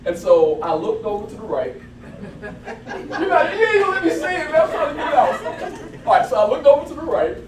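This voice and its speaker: Male motivational speaker, very lively pitch, laughs through stories, caught from a distance with crowd noise around him. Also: brisk. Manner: animated, laughing storyteller. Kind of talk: live talk to an audience. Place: event hall with audience. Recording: roomy, distant mic with crowd.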